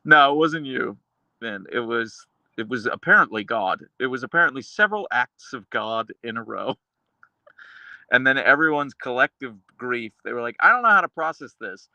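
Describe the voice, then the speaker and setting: Gravelly-voiced man reading live chat. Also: mid-range voice, normal speed, no echo, muffled recording. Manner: dark deadpan humor, frequent laughter. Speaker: livestream host reading chat. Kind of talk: casual live-stream chat.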